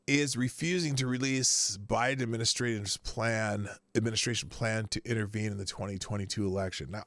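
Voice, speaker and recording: A man with a bright, gravelly voice hosts a live news stream, reading articles aloud and then cutting in with crude, irreverent rants. He leans into loud outbursts and blunt, profane asides. The sound is dry and close, with no room around it. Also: mid-range voice, dry recording. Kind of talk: casual news commentary.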